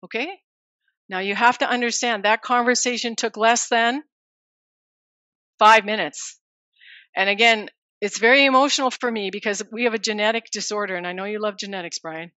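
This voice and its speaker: Lively woman giving a talk. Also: mid-range voice, normal speed, long pauses, no room sound, muffled recording. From Manitoba, Canada. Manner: lively, addresses listeners by name, drops in French words. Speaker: farm family succession coach. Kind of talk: live presentation to an audience.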